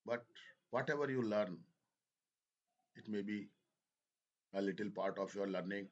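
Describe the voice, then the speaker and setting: A male teacher with a lowish voice speaks to his class. He talks slowly, halts and repeats phrases as he explains. He slips into now and then. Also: highs cut off. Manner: slow, halting, repeats phrases, switches into Hindi. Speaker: English teacher. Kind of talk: slow spoken lesson.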